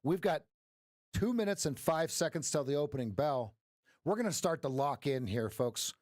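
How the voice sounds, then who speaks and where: A man hosts a live trading stream in a loose, joking way, laughing often between remarks to his viewers. His voice sits a little high for a man. The sound is close and dry, with no room echo. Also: animated, moderate pace, a little mellow. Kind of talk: casual live-stream chat.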